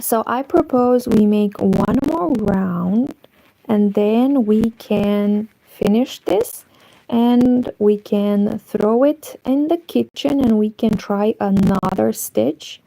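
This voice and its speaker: A woman's voice: mid-range voice, slow, creaky, warm tone, low-quality recording. A woman from Moldova, chatting casually on a crochet livestream and greeting viewers as she works.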